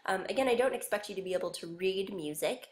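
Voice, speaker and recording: A woman's voice: mid-range voice, animated, fast, roomy sound. A woman music instructor giving a recorded lecture, explaining a piece patiently.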